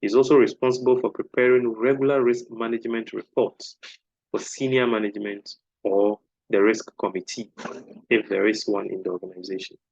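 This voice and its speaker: A man lecturing on a course topic in an explanatory way, often checking in with a quick "okay?". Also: on the low side, little pitch movement, vocal fry, darkish tone, husky, no echo, highs cut off. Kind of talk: recorded lecture.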